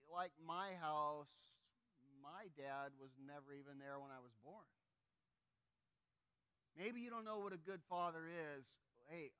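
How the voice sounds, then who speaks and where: Bright-voiced emphatic male pastor. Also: sits high, no room sound, poor audio. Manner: swings between loud emphatic lines and soft, quiet lines; acts out voices of God and his kids in quoted lines. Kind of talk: sermon.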